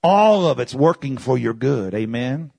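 A man preaches a sermon in a gravelly, husky voice pitched slightly high, repeating phrases for emphasis. He swings from shouted peaks to low, quiet passages with lively intonation and an unhurried pace, and the recording is dry and close with no room sound.

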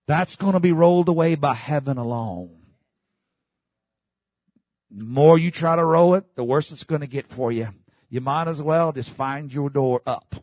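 A man preaching a sermon in a church, fervently, breaking into shouts and calling for the congregation to answer him. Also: on the high side, normal speed, pauses often, no echo. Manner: fervent preaching, bursts into shouts, call-and-response. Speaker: pastor.

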